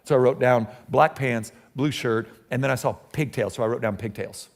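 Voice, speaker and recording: A middle-aged man, a pastor telling a story in a sermon in a conversational, animated way with frequent restarts. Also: mid-range voice, moderate pace.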